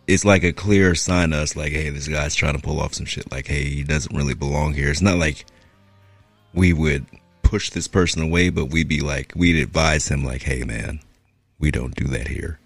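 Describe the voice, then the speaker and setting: A man's voice: extremely low pitch, steady tone, moderate pace, dry recording, faint music behind. A man from Southern California talking in casual, laid-back podcast chat, full of fillers and swearing. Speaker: podcast co-host.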